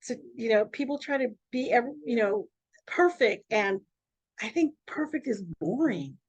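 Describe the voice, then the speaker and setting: Radio host woman with a high, bright-pitched voice, talks freely and emphatically. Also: normal speed, husky, no echo, poor audio. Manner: emphatic, free-flowing, animated. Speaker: radio host and network owner. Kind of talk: casual interview talk.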